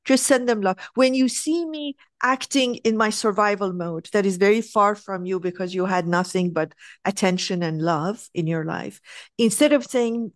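A woman's voice: medium pitch, normal speed, no room sound, studio quality. A woman teaching a spiritual class, talking emphatically and acting out examples in different voices. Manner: animated, emphatic, acts out examples.

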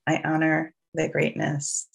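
Delivering a completely flat, creaky, husky voice at medium pitch, a New York-accented meditation teacher guides a slow and soothing loving-kindness meditation. Listeners are gently invited to take part.

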